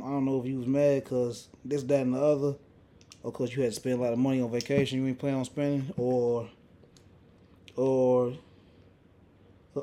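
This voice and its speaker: A young man hosting a casual podcast, telling a story in a profane, animated way with lots of restarts. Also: medium pitch. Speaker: podcast host. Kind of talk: casual chat.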